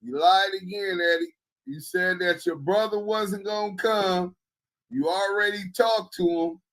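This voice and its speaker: A man's voice: sits high, fairly even intonation, unhurried, fairly bright tone, low-quality recording. A man hosting a podcast, giving profane and mocking reaction commentary on a clip he doesn't believe. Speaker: podcast host.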